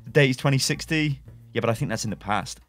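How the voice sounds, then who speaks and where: A man's voice: medium pitch, fast talker, a bit bright, soft background music. A young man, a gaming YouTuber, casually reading game lore aloud and speculating, rambling with self-corrections and chuckles, at a desk webcam setup.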